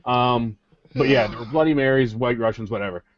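A man's voice: medium pitch, a little fast, a crowd in the background. A man hosting a podcast, telling a long anecdote in casual chat and acting out his friends' voices as he goes. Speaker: podcast host. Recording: dull, lo-fi podcast audio.

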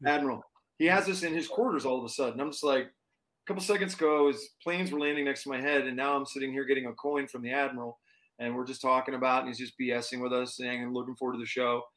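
A man telling a story in casual chat, animated and full of fillers and restarts. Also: mid-range voice, fast. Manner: animated, lots of fillers and restarts, acts out quotes. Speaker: touring performer guest.

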